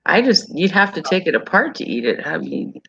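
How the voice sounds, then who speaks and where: A guest chatting casually on a video call, telling stories in an animated way. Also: mid-range voice, fairly quick, gravelly, slightly rough, no echo. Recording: dull lo-fi call audio.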